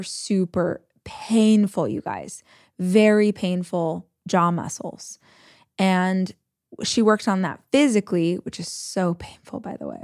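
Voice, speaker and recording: A woman's voice: medium pitch, darkish tone, dry recording, studio quality. A woman hosting an advice podcast, telling personal stories in a chatty, casual way and acting out the voices of people she quotes. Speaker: podcast host giving advice.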